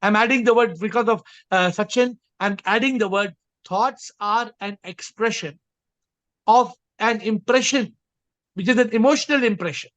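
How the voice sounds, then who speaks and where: A man's voice: high-pitched, normal speed, a bit bright, no room sound. A man leading an online group call as a spiritual teacher, explaining emphatically and repeating his phrasing. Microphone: video call.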